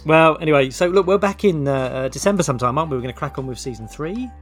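A man's voice: fairly high pitch, expressive, fast talker, soft background music. A man co-hosting a podcast, chatting casually and telling short jokes. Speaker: podcast co-host. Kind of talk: casual chat.

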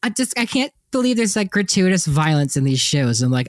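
Animated laughing young man telling stories. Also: brisk, few pauses, dry recording, clean studio sound. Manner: animated, laughing, frequent likes and jumpy pitch. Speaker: podcast co-host. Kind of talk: casual storytelling chat.

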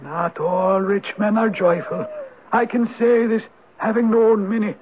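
An actor playing a mysterious old male spirit, a Viking turned Irish, in a 1970s radio drama. He speaks with an Irish accent in a husky, solemn and knowing way. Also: sits high, unhurried, background noise. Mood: wise, teasing. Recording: narrow, tinny old radio broadcast.

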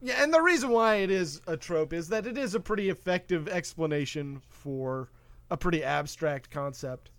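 Podcast host guy, fairly high voice, rambly movie recap, lots of uhs, dry close mic. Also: animated, dry recording. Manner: rambling, filler-heavy recapping with quick asides. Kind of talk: casual movie recap chat.

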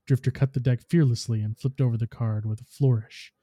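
Man, podcast host, reading a story, very dark voice, dry close sound. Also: mid-range voice, fairly even intonation, a little fast, no echo.

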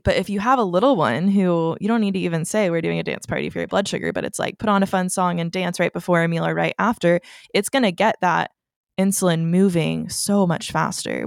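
A woman's voice: lowish voice, vocal fry, no room sound, clean studio sound. A young woman co-hosting a podcast, speaking in an earnest, reflective way and giving practical tips in casual conversation. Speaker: podcast co-host. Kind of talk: casual chat.

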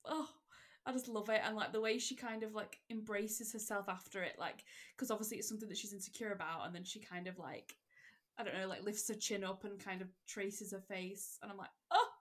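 Woman podcast co-host, mid-pitched, enthusiastic and gushing. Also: fairly even intonation, brisk. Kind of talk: casual chat.

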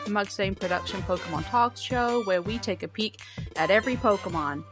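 A woman's voice: mid-range voice, moderate pace, over music. A woman hosting a podcast in casual chat, upbeat and giggly as she reads out facts. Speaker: podcast host.

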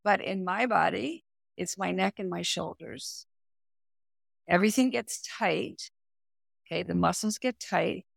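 A middle-aged woman, a performance coach and therapist, explaining her method in a podcast interview, with lively, hands-on explanations. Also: on the low side, a little slow, vocal fry, long pauses, no room sound, studio quality. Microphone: remote audio, no camera.

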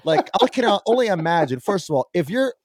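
A man's voice: high voice, sing-song, brisk, no echo, clean studio sound. A young man ranting profanely on a casual podcast, mocking people he dislikes in squealing put-on voices. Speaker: podcast host.

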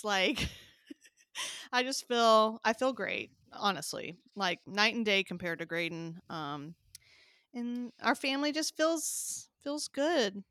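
Smooth-voiced mom in her thirties, chatty podcast talk, lots of laughs, dry close sound. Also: medium pitch, a bit bright, no echo. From American South. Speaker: podcast co-host. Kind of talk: casual chat.

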